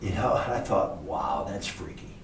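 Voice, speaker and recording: A man's voice: low voice, expressive, normal speed. An older man, a former motel owner, telling rambling anecdotes as an interview guest with lots of fillers. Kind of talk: casual storytelling interview. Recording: echoey room, distant mic, faint hiss.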